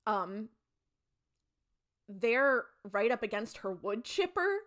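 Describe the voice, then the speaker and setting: A woman's voice: on the high side, very animated, takes it slowly, a bit bright. A young adult woman co-hosting a podcast, animatedly retelling an episode and acting out the characters' lines. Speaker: podcast co-host. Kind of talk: casual chat recapping a TV episode.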